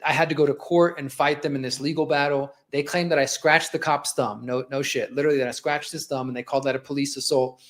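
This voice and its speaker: A man's voice: medium pitch, steady tone, fast, hardly any pauses. A man in his forties hosting a live show, telling a personal story in an impassioned, conversational way while narrating video clips. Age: 40s. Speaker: host.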